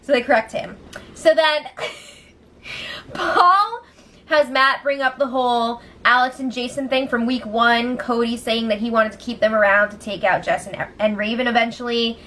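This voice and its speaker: A woman recapping a reality show in casual chat, animated, laughing often and acting out what people said. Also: on the high side, moderate pace, a little hiss or hum. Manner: animated, laughing, acts out quotes, swears. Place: room at home.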